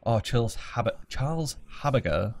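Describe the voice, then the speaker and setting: A man's voice: medium pitch, lively intonation, normal speed, darkish tone. Joking, sweary gamer man. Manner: joking, sweary and self-mocking. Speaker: let's play gamer. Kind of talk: casual gameplay commentary. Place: home room at his desk.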